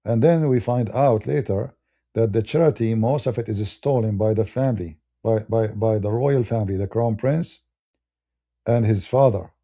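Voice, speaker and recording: Combative Middle Eastern-accented male streamer, husky fry, dark mellow tone, blunt delivery. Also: on the low side, moderate pace. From Middle East. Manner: blunt, combative, laughs through his anecdotes. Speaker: Christian apologist streamer. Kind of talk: unscripted livestream rant.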